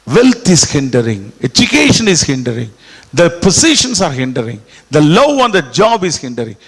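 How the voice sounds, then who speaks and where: A man preaching a sermon, animated and repetitive, dropping suddenly quiet. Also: on the high side, moderate pace, husky. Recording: echoey hall with long reverb.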